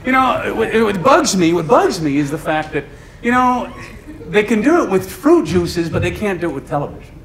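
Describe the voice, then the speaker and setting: Animated male stand-up comedian, echoey room. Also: high-pitched, moderate pace. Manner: animated, chatty, laughs at his own jokes. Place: comedy stage before a live audience. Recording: echoey room, audience laughter, noise.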